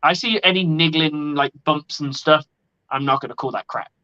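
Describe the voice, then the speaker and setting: Cursing freely and holding forth with blunt opinions, this sports podcast co-host keeps things casual. He talks at normal speed in a sharp, slightly high voice, over lo-fi audio.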